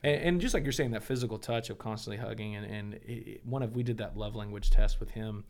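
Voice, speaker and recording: A man's voice: lowish voice, fast. A pastor and foster father in casual podcast conversation, telling stories animatedly and acting out what people said. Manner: animated storyteller, acts out quoted dialogue.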